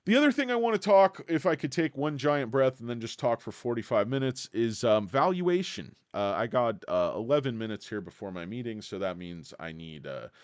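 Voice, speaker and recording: A man's voice: mid-range voice, very animated, normal speed, hardly any pauses, dry recording. A man hosting a casual stock livestream, sarcastic, crude and rambling, a bit out of breath. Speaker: stock market livestream host.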